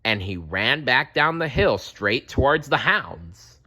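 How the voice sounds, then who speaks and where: A man reading a children's animal storybook aloud in a slow, expressive way. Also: mid-range voice.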